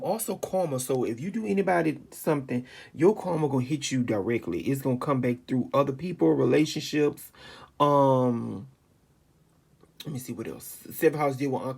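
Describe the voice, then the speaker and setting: A man's voice: mid-range voice, gravelly, darkish tone. A man giving a casual astrology reading into a handheld phone, talking emphatically, rambling and repeating phrases as he goes. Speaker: astrology reader. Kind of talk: informal spoken astrology reading.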